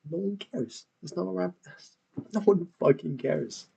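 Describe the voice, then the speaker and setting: A man's voice: sits high, a little slow, vocal fry, dark tone, slightly rough, poor audio. A man hosting a reaction video, talking back at a clip with scornful, swearing commentary.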